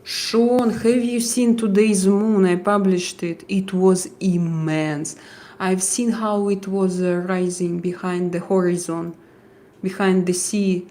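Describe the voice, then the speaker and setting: A woman hosting a casual live chat, talking hesitantly with many fillers, pauses and restarts. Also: mid-range voice, fairly even intonation, mellow. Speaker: livestream host.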